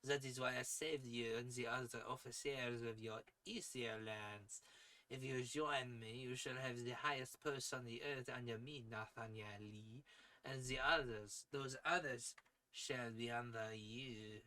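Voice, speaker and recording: A scheming would-be conqueror of Earth from an old pulp story, as a man reads him aloud speaks in a put-on French accent. He lays out his plans slowly and grandly, in a bright, forward voice at a middling pitch. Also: fairly even intonation, poor audio. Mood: grandiose. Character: scheming male space tyrant plotting world conquest. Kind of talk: dramatic reading of pulp fiction.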